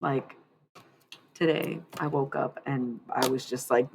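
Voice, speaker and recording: A woman's voice: extremely low pitch, fairly even intonation, takes it slowly, creaky, background noise. A woman chatting casually on a live stream, rambling and candid, swearing freely. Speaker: livestreamer.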